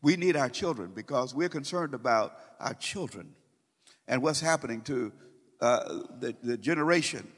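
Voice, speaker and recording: A man preaching a sermon in a church, emphatic, swinging between loud calls and hushed low phrases. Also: animated, normal speed, breathy edge, long reverb tail. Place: church sanctuary.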